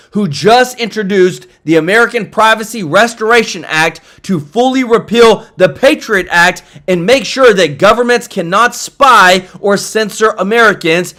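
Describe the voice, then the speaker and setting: A man hosting an excited political commentary vlog, hyping up the news and talking straight to his viewers. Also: high-pitched. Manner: hyped, keeps addressing viewers as guys.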